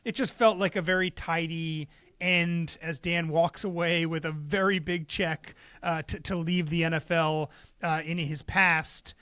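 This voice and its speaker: A man co-hosting a sports business podcast, laying out his views in a measured, analytical way. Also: a little high, steady tone, pushed and bright, dry recording. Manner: measured, analytical, some hesitations. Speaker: podcast co-host. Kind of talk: casual sports business chat.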